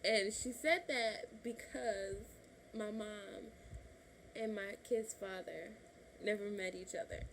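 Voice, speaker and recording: In her chatty vlog, a 21-year-old from Illinois, USA, tells her camera a personal story, laughing often as she acts out her family's words. She takes it slowly in a mid-range voice, with slight background noise.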